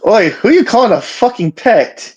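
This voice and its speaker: A man's voice: high voice, big pitch swings, normal speed, darkish tone, slightly rough, dull audio, pitched above the performer's own voice, exaggerated voice. A man voicing a foul-mouthed, dapper male raccoon with a cane in a tabletop game, talking with brash, cursing swagger. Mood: indignant.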